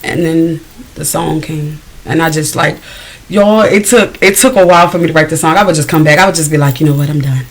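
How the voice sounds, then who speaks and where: A woman singer-songwriter guesting on a podcast tells her story frankly and animatedly, using slang in a candid conversation. Her low-pitched voice is brisk, and the audio quality is poor.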